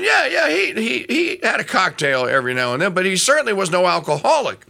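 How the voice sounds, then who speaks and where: Animated, bright-voiced male radio host. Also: high-pitched, a little fast, creaky, hardly any pauses. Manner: animated, rambling with frequent restarts. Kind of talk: talk radio commentary.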